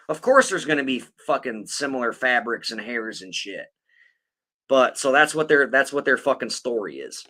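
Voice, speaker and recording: Guy cursing his way through a podcast story, real sharp bright voice, rambly. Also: mid-range voice, very animated, moderate pace. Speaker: podcast co-host. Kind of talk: casual podcast chat.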